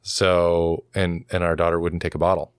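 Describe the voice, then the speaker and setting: A young man with a very low voice tells stories in a loose, animated way, full of fillers and swearing. The recording is close and dry, with no room sound. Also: normal speed, clear, resonant tone, no echo. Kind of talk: casual chat.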